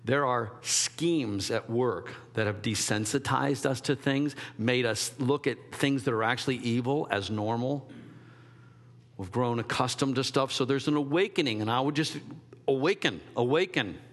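A man preaching a sermon in an animated, conversational way, slipping into quick acted asides. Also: medium pitch, long reverb tail. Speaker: pastor.

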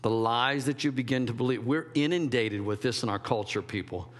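A man preaching a sermon in an animated, conversational way, slipping into quick acted asides. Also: mid-range voice, big-room sound. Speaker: pastor.

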